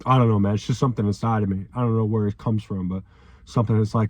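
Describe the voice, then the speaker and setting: A man's voice: fairly low pitch, steady tone, quick pace, dry recording. A young man giving an emotional, profanity-laced motivational monologue, often ending sentences with "man", with repeated phrases. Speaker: vlogger.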